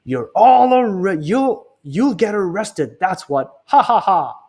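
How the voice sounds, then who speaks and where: A man reading aloud and voicing a jolly male museum director who shouts and laughs. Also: high-pitched, big pitch swings, slow, pitched above the performer's own voice, full character voice. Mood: triumphant.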